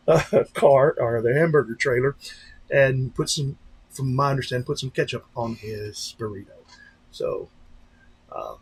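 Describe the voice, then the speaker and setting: A man's voice: mid-range voice, measured pace, long pauses, breathy edge, rough recording. Rambling man hosting a live chat. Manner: rambling, with many fillers and restarts; breaks into animated voices when retelling stories. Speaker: channel host on a live stream. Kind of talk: casual live-stream chat.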